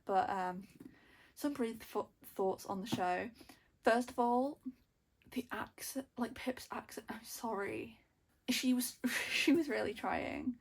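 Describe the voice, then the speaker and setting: A young woman, chatting excitedly about books in a casual reading vlog, gushing and repeating herself. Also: medium pitch, creaky, slightly rough. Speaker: book vlogger.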